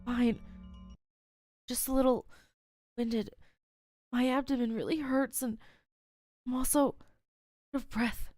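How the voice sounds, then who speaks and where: A woman voicing a wounded young heroine who is out of breath after being stabbed, read quietly and strained. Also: on the high side, steady tone, takes it slowly, long pauses, no room sound, soft background music. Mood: winded.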